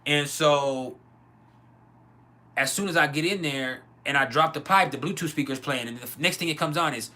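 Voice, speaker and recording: A man's voice: fairly high pitch, moderate pace, pushed and bright. A man hosting his own channel, telling a personal story in a candid, profane, rambling way with many restarts. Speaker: channel host.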